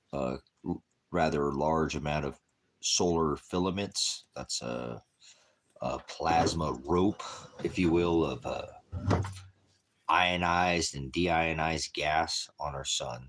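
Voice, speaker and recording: Brief: man with an extremely deep voice, casual desert cooking vlog, eats and talks at once, faint background noise. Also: a bit bright. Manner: talks with mouth full between bites. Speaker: vlogger. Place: outdoors in the desert.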